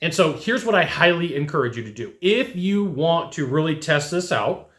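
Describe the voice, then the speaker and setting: Male sales trainer, higher-pitched, lively talk, roomy echo. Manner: animated, acts out quick mock dialogues. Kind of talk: direct-to-camera sales coaching.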